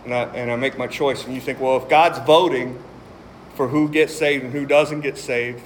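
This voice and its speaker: A medium-pitched male voice, at a moderate pace over a slight hiss or hum, delivers a sermon. Between emphatic readings of scripture he jokes around, sounding animated throughout.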